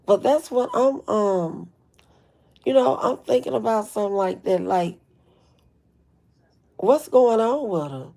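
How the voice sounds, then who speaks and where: Woman, AAVE speech, very gravelly, dark mellow tone, blunt live-stream commentary. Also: mid-range voice, unhurried. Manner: blunt, emphatic, repeats herself; greets chat viewers by name. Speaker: livestream host.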